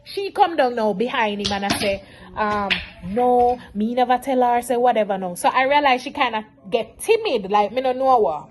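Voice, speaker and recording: A woman, telling a storytime vlog in an animated, emotional way. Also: a little high, moderate pace, background noise. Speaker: vlogger.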